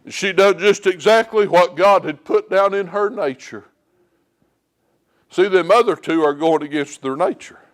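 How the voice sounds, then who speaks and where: A man with a high, light voice preaches a sermon in a church. He talks plainly and folksily, leaning on homespun stories. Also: normal speed. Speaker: lay preacher. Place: church sanctuary.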